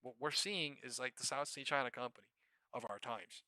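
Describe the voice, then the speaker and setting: Profane exasperated man, bright dry voice. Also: mid-range voice, fairly quick, dry recording. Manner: profane, exasperated rambling about trades. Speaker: live stock trading streamer. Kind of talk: casual live-stream commentary.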